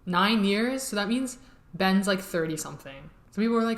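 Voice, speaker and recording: A young woman giving casual commentary while reacting to a TV episode, chatty and excitable, laughing often and saying "like" a lot. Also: mid-range voice, measured pace. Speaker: TV reaction vlogger. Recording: roomy echo.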